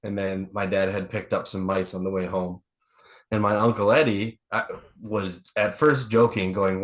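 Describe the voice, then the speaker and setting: A man's voice: fairly low pitch, steady tone, normal speed. A man co-hosting a podcast, telling family stories in casual, profane chat with a laid-back delivery. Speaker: podcast co-host.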